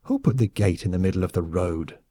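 A man reading the part of an older woman who pretends to be drunk, loud and indignant with slurred words. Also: mid-range voice, lively intonation, fast talker, slightly rough, dry recording, studio quality.

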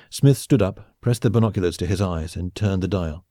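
Low mellow guy reading a funny sci-fi audiobook, measured and wry, dry close mic. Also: no room sound. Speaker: audiobook narrator. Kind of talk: scripted narration.

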